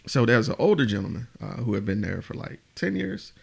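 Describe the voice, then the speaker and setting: A man's voice: on the low side, a little fast, gravelly, breathy edge. A man hosting a casual conversation, telling a workplace story and acting out what people said. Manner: animated storyteller, acts out quotes. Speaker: host. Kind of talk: casual chat.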